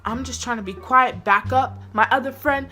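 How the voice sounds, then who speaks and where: A woman telling a personal story in casual story-time style, animated and full of "like" fillers, acting out the people in it with big jumps in pitch. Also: normal speed, soft background music.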